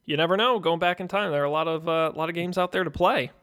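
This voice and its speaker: A man's voice: fairly high pitch, quick pace, a bit bright, smooth. Easygoing man co-hosting a podcast. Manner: easygoing, jokey, plugs shows. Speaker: podcast co-host. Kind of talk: casual podcast chat.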